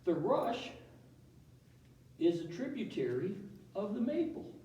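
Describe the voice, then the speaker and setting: A man's voice: sits high, very animated, slow, warm tone, echoey room, far from the mic, muffled recording, slight background noise. A man teaching a playful, chatty geography lesson who keeps asking his audience questions. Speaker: science educator.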